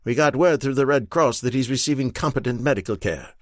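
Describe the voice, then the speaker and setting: A man's voice: mid-range voice, a little fast, no echo, clean studio sound, lightly acted. A man voicing an earnest British staff officer giving a report in an audiobook.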